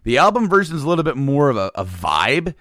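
A man's voice: medium pitch, very animated, fast talker, fairly bright tone, dry recording, clean studio sound. Rambling male podcast host. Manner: rambling, many restarts and fillers. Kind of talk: casual chat.

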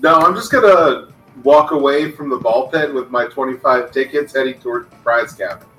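A man's voice: mid-range voice, moderate pace, a bit bright, soft background music, rough recording. A young adult man playing in a tabletop game, blunt and joking, swearing casually in and out of character. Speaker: player. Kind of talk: tabletop role-play, in and out of character.

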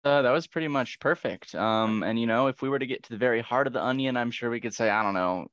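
A man's voice: medium pitch, quick pace, a bit bright, no echo, highs cut off. A man joking around in a playful way during a casual podcast chat, laughing often. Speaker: podcast co-host.

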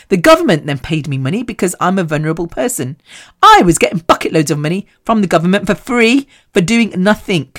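A woman hosting a podcast, talking casually and telling animated stories with frequent laughs. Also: lowish voice. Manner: chatty, animated storytelling; laughs often. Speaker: podcast host. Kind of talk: casual chat.

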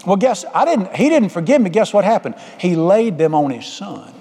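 Man, pastor, folksy sermon, high-pitched, mellow tone, long hall reverb. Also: big pitch swings, normal speed, breathy edge. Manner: folksy, conversational preaching with repeated phrases.

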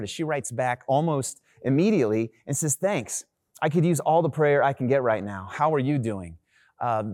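A young adult man, a pastor, telling a personal story in a sermon in an animated, conversational way with many fillers. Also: mid-range voice, no room sound. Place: online church gathering recording.

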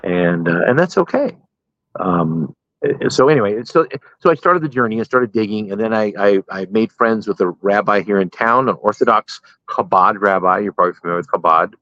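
A man's voice: on the low side, brisk, fairly bright tone, no echo, dull audio. A middle-aged man, a pastor, telling stories from his life in a casual interview and laughing at his own jokes.

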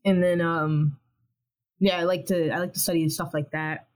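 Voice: medium pitch, flat delivery, normal speed, poor audio. A TV animation writer talking casually in a podcast interview, rambling and acting out their own thoughts as quotes.

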